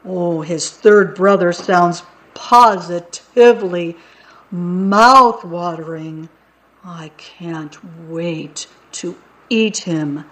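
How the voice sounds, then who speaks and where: A woman's voice: on the low side, extremely slow, a bit bright. A woman voicing a greedy, hungry male troll who squeals and chants in a sing-song way while reading a storybook aloud.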